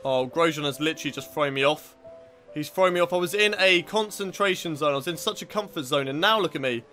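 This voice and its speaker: A man's voice: fairly high pitch, quick pace, soft background music. Sweary British man commentating a racing game. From Britain. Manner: frustrated, sweary, shouts at rival drivers. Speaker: gaming YouTuber.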